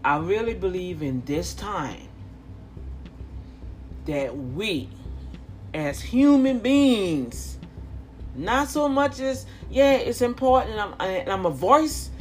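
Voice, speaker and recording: A woman's voice: medium pitch, lively intonation, slow, pauses often, slight background noise. A middle-aged woman preaching informally and with fervor, repeating herself and calling out to her listeners. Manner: fervent, repetitive, with calls to the listeners.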